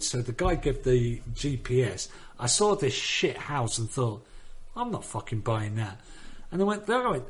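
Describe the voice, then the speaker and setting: A man with a mid-range, slightly rough voice sits on a gaming podcast panel, chatting casually and telling rambling, sweary stories full of restarts.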